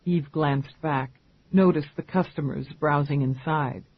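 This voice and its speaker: Man narrating an audiobook, measured and even, dry tinny sound. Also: a little high, breathy edge, dry recording. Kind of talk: scripted narration. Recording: tinny phone-like band, dry.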